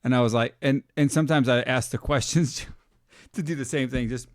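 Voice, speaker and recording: A man co-hosting a podcast, jumping in eagerly and stammering through quick restarts. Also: medium pitch, fairly even intonation, no echo, studio quality. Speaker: podcast co-host. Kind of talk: casual chat.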